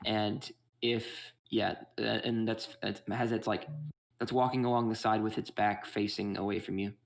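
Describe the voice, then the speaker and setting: Gravelly, low-voiced game master. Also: male voice, level tone, normal speed. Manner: rambling, self-correcting. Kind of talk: running a tabletop game.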